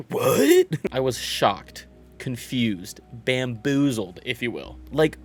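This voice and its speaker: Twentysomething guy yapping his opinions into the camera, rambly and sweary, soft music behind. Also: medium pitch, expressive, slow pace. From Virginia, USA. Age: 20s. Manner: rambling, chatty, swears and laughs often. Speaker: vlogger. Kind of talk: casual opinion vlog.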